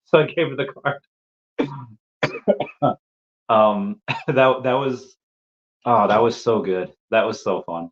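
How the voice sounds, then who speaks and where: A man's voice: lowish voice, lively intonation, moderate pace. Rambling male streamer, coughing, lo-fi sound. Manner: rambling, laughs often, repeats words. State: coughing, recovering from illness. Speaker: livestream host answering chat. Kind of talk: casual live chat. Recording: dull lo-fi stream audio.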